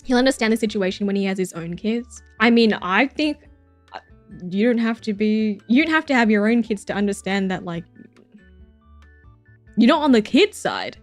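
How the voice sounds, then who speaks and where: A woman's voice: mid-range voice, animated, normal speed, long pauses, no room sound. A young woman streamer chatting casually as she reacts to stories, laughing often and swearing freely. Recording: dry close mic with faint music behind.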